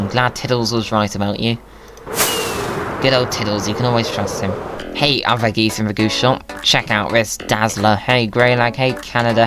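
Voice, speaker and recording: Man, hoarse and croaky, cheerful chatty gameplay commentary, coos at animals. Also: on the low side. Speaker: game commentary host. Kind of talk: playful commentary over gameplay.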